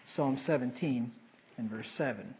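A man preaching a sermon, animated, with sarcastic asides and sudden drops to a quieter voice. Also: medium pitch, a little slow, slight background noise, rough recording.

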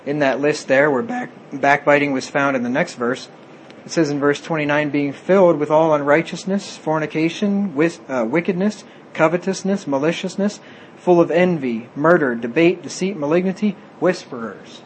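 A man's voice: fairly high pitch, moderate pace, slight background noise, poor audio. A man preaching a sermon, reading scripture aloud and explaining it plainly.

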